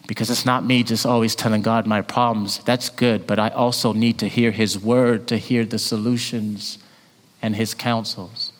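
A man of Jamaican heritage preaching a sermon, swinging from loud rising calls to hushed near-whispers. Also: medium pitch, fairly even intonation, normal speed. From Jamaican family. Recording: long hall reverb.

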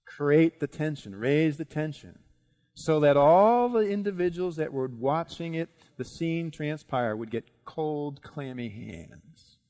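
A man preaching a sermon as dramatic storytelling, swinging between loud and hushed. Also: fairly high pitch, slow pace.

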